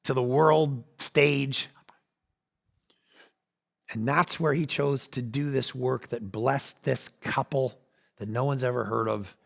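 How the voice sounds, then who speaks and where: A man in his forties preaching a sermon as pastor, animated, acting out quoted voices and swinging between loud and hushed delivery. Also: mid-range voice, gravelly. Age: 40s.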